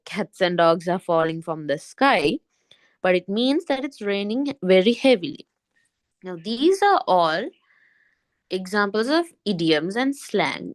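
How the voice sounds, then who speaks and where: A woman teaching an English lesson online, often repeating a point and asking quick checking questions. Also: medium pitch.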